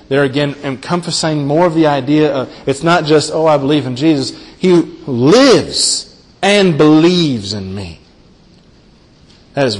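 A man preaching a sermon in an earnest, halting way, often repeating his words as he explains scripture. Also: fairly high pitch, big-room sound, rough recording.

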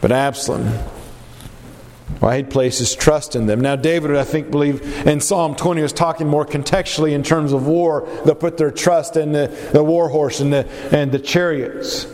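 A man preaching a sermon, emphatic, asking rhetorical questions and pausing for effect. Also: on the high side, fairly even intonation, darkish tone. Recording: long hall reverb.

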